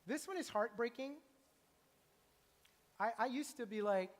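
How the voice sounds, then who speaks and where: A middle-aged man preaching a sermon in a church, animated and acting out the voices he quotes. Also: extremely high pitch, normal speed, pauses often. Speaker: pastor. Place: church sanctuary. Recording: long church reverb.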